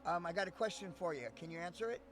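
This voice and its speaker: Profane, rambling male streamer, fairly high. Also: racing, slight background noise. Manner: profane, rambling, laughs often. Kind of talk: casual live-stream chat.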